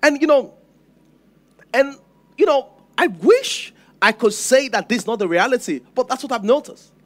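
Man, pastor, sermon, very high pitch, emphatic, repetitive delivery. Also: animated, normal speed. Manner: emphatic and repetitive, swinging from hushed to loud.

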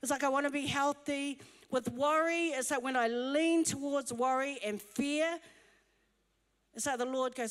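Female pastor, high-pitched, humorous conversational sermon, long church reverb. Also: unhurried. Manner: humorous, chatty storytelling. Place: church auditorium.

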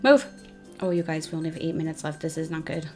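A woman's voice: low-pitched, steady tone, fast talker, darkish tone, soft background music. A young woman giving casual commentary over her own game, chatty and self-mocking, often flustered as she races the clock. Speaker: gaming YouTuber.

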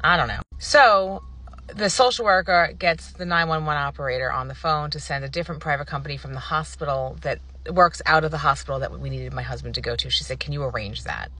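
A woman vlogger telling a personal story to the camera in a casual, animated and indignant way, acting out what people said. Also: low voice, a little fast. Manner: animated, indignant retelling with acted-out quotes.

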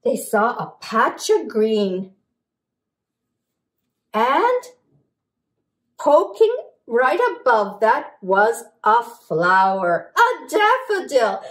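A woman leading a children's storytime as librarian, reading a picture book and rhymes in an animated, sing-song manner with animal sounds and questions to the kids. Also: high voice, takes it slowly.

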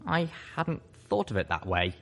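Male audiobook reader with a fairly low voice, measured first-person narration. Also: big pitch swings, gravelly, a bit bright. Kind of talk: audiobook narration of fan fiction.

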